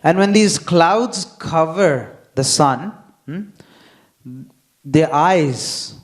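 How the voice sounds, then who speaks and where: Unhurried man giving a devotional class. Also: a little high, lively intonation. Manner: unhurried, frequent "hmm?" check-ins, acts out quotes. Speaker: temple speaker.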